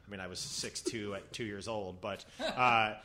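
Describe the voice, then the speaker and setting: A man's voice: lowish voice, moderate pace, sharp tone. A man rambling through a self-mocking childhood story on a podcast. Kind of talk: casual storytelling.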